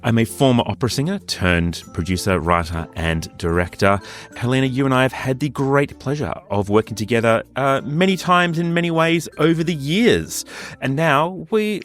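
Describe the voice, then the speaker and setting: A man's voice: medium pitch, animated, normal speed, fairly bright tone, soft background music. A man co-hosting a podcast, bantering playfully in casual chat. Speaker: podcast co-host.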